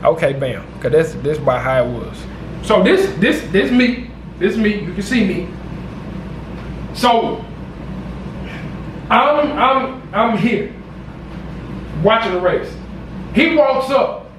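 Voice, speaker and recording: Man, casual storytime vlog, slangy, animated, high bright voice, roomy echo. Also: slow, pauses often, background noise. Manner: animated, slangy, repeats himself. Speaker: vlogger. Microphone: camera mic.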